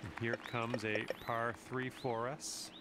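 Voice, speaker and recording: A man doing a calm golf announcer for a sports game, calling shots in a measured, even broadcast tone. His pitch is ordinary for a man, and a clear layer of background noise sits under the game audio. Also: lightly acted. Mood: steady. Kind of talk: scripted sports commentary.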